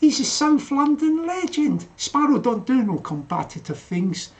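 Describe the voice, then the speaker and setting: A man's voice: very high-pitched, big pitch swings, unhurried. An older man hosting a casual livestream, laughing often and calling himself by name in the third person. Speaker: livestream host.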